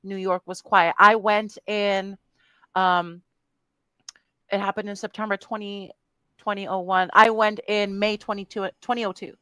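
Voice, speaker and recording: A woman's voice: mid-range voice, level tone, a little slow, sharp tone, clear, resonant tone, no echo. A woman co-hosting a podcast in casual chat, frank and swearing, laughing easily. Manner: frank, swears, laughs often, reflective when recounting. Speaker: podcast co-host.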